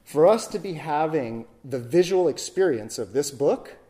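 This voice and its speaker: A Buddhist teacher giving a dharma talk to a class in a playful, animated way, often checking in with "right?" and demonstrating with objects. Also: medium pitch, normal speed. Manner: frequent tag questions "right?".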